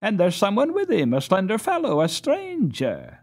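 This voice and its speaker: A man doing an excited young boy calling out. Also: high voice, normal speed, pitched above the performer's own voice, heavily acted.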